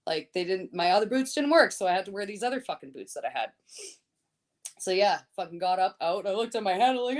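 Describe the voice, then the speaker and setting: Salty, animated woman spinning a yarn. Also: a little high, a little fast. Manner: swears a lot, lively and laughing. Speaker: podcast guest. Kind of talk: casual storytelling chat.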